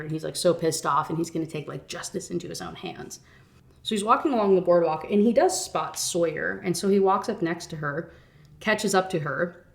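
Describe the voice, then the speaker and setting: A woman's voice: fairly low pitch, creaky. A young woman retelling a novel in a casual rant review, chatty, swearing, and full of "like". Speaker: book reviewer.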